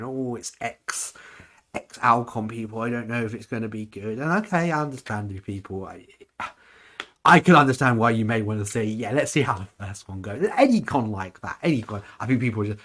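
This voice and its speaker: A young man reviewing an anime convention in a casual, rambling vlog monologue, chatty and animated, acting out the voices of people in his story. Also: fairly low pitch.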